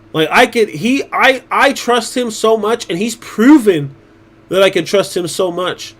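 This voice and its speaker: A man with a fairly high voice talks to his stream viewers in a loose, unscripted ramble. He is blunt and swears freely, often doubling back and restarting mid-thought. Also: animated, unhurried, a bit bright. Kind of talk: casual livestream chat.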